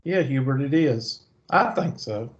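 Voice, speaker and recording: An unhurried, animated man with a mid-range voice and a Southern US accent lectures a math class online. He's chatty and works things out aloud, and the video call audio is muffled.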